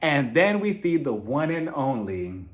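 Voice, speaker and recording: A man's voice: medium pitch, very animated, a little slow, very noisy. A man giving sassy, gossipy commentary while reviewing a reality TV show. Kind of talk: casual video commentary.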